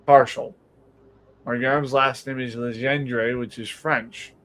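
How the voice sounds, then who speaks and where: Brief: young Boston-accent man, podcast host, rambling chatty storyteller, middle pitch. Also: slow pace, poor audio. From New England. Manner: rambling storyteller, quotes others in lively voices. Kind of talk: casual chat, reading viewer comments.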